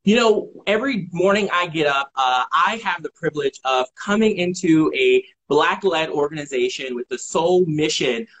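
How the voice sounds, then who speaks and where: A man's voice: a little high, moderate pace, few pauses, a bit bright, poor audio. A man from Virginia with a Virginia accent, speaking as a guest on a live video chat, polite and earnest in a formal way. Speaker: state executive director of an advocacy group.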